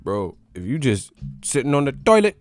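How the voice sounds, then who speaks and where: A man's voice: medium pitch, sing-song, moderate pace, darkish tone, no room sound, clean studio sound. A man hosting a casual boxing chat, ranting and joking with lots of profanity. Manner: profane, joking, riffing rants. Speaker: boxing commentary host.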